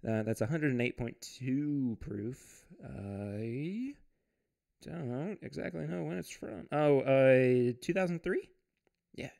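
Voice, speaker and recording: A man's voice: medium pitch, takes it slowly, gravelly, warm tone. A man hosting a casual livestream from home. He reads viewer comments aloud, chats loosely, laughs often and restarts his sentences. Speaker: podcast host.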